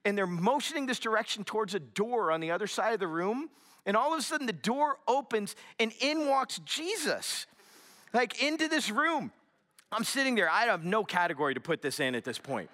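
A young adult man preaching a sermon, telling a story with lively animation and dropping to a hushed whisper for emphasis. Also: sits high, normal speed. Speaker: pastor.

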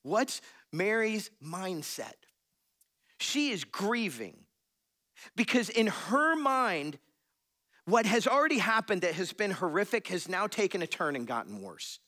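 A male pastor with a fairly high voice that swings widely in pitch. He preaches casually and with animation, and laughs often as he talks through the passage. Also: very animated, unhurried, bright, forceful tone. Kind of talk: sermon.

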